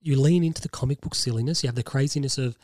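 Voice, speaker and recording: A man hosts a casual podcast chat, his voice at an ordinary middle pitch. He rambles through his ideas with enthusiasm. The sound is dry and close, with no room around it. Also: rapid-fire, a little mellow, no room sound. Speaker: podcast host.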